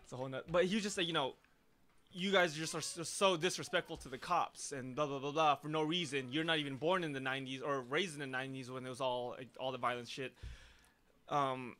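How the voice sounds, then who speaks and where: A man's voice: mid-range voice, steady tone, fairly quick, sharp tone. A man in casual chat who rambles through a personal story with lots of filler words. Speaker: podcast co-host.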